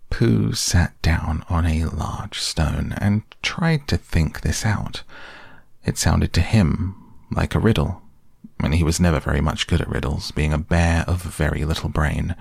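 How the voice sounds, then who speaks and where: A man reading a children's storybook aloud in a gentle, unhurried way. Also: very deep voice, vocal fry, dry recording, clean studio sound.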